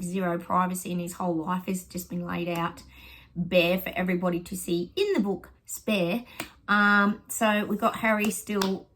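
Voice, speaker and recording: A woman's voice: lowish voice, poor audio. A middle-aged Australian woman chatting casually to her viewers at home, rambling with lots of ums and friendly asides. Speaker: psychic vlogger.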